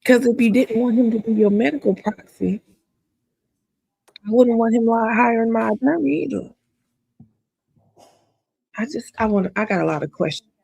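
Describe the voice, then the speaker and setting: Gravelly, husky woman doing emphatic live commentary. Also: a little high, moderate pace, long pauses, darkish tone, no echo. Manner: emphatic, repetitive, talks back to the screen. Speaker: trial commentary host.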